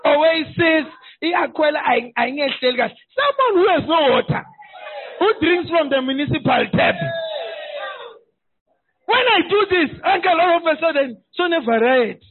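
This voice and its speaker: A man preaches a lively, humorous sermon, raising his voice into shouts to drive points home. His voice sits very high for a man. The sound is thin and tinny, like it came through a phone line. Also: moderate pace, pauses often. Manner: animated and humorous, shouting for emphasis. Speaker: pastor.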